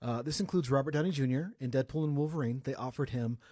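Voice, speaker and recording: A man's voice: medium pitch, fast talker, a little mellow, breathy edge, no echo. A young man from the United States hosting a casual celebrity news podcast, chatty and joking, correcting himself as he goes. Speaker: podcast host.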